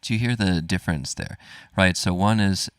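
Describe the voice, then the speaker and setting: Low-voiced man coaching a vocal warm-up. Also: moderate pace, smooth, dry recording. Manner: relaxed, encouraging, demonstrates sung vowels. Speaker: voice teacher. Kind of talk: live-streamed vocal warm-up lesson. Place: home studio, dogs nearby.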